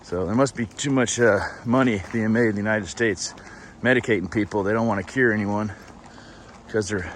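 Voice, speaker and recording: A man's voice: on the low side, normal speed, a little hiss or hum. A man vlogging on a coastal hiking trail, rambling casually to his camera as he walks. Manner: rambling, chatty, talking to the camera. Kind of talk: casual chat while hiking.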